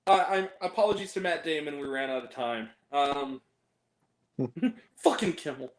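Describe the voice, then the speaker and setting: Man, movie review host, casual chat, rambling and profane, lively pitch, roomy echo. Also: measured pace. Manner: rambling, profane, giggly, lots of fillers.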